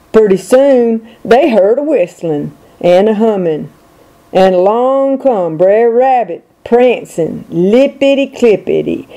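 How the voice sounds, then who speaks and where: A woman's voice: medium pitch, mellow, highs cut off. An older woman reading a folk tale aloud to her grandchildren, in a rhythmic folk-dialect telling.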